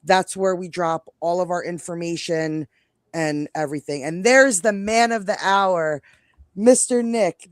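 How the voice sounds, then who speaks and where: A woman's voice: lowish voice, no room sound, clean studio sound. A woman with a New York accent co-hosting a casual live stream, chatty and rambling, often breaking off mid-sentence. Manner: chatty, rambling, self-interrupting. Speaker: co-host.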